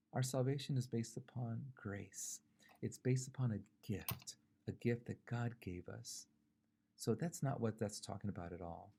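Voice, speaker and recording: Gravelly low-voiced male pastor. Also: mellow. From California. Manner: conversational, thinks aloud with fillers and rhetorical questions. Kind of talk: short devotional sermon.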